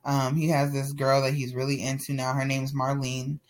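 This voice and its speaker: A man's voice: mid-range voice, completely flat delivery, normal speed. A man candidly telling a painful personal story in a loose, conversational way, full of "like" fillers.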